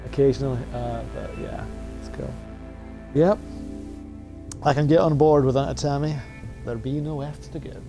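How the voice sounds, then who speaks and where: A man casually commenting on a game he plays, joking and chatting with his viewers. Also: mid-range voice. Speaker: gaming streamer. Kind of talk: casual let's play commentary.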